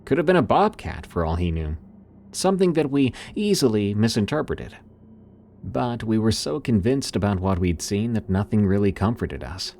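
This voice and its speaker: A man with a low voice tells a scripted horror story with dramatic, suspenseful delivery. His pitch rises and falls freely as he narrates, and a faint hum of ambience sits under the voice. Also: expressive, normal speed, darkish tone.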